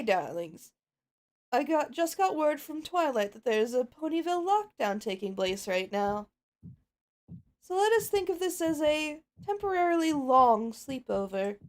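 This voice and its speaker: Woman playing a refined pony mare, genteel, dramatic, high voice, unhurried. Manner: genteel, calls everyone darling.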